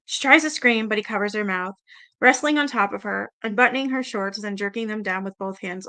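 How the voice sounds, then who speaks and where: A woman's voice: mid-range voice, fairly quick, bright, forceful tone. A woman reading a book aloud in a casual way, stumbling over words and stopping to react and swear.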